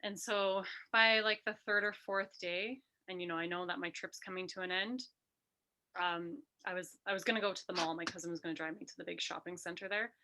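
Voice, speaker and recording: A woman appearing as an interview guest tells a personal story with animated energy, often breaking into quick, lively re-enactments of what people said. Her voice is low but has a bright, forward edge.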